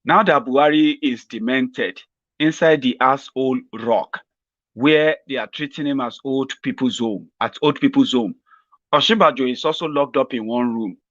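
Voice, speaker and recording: A man's voice: medium pitch, moderate pace, a bit bright, dry recording, lo-fi sound. Sarcastic Nigerian man, rambling commentary. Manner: sarcastic, rambling, laughing at his own jokes. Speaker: political commentator host. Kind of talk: mocking political commentary vlog.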